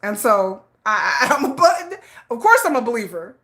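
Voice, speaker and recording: A middle-aged woman hosting a livestream, telling a story in blunt, laughing, animated casual chat. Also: on the high side, normal speed. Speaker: livestream host.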